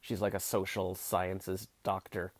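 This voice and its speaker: Canadian guy, 40s, livestream chat; lowish voice, very dry close sound, wry rambler. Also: flat delivery, measured pace, no echo. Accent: Canadian English. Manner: rambling, many fillers and restarts, wry sarcastic asides. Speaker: vlogger answering live chat.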